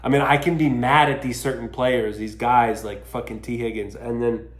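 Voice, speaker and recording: A frustrated man vents on his own podcast, cursing and mocking himself as he rants. His voice sits at an ordinary middle pitch. The room around him rings with noticeable echo. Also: steady tone, normal speed. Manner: exasperated, swearing, self-mocking. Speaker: podcast host. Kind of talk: casual solo podcast rant.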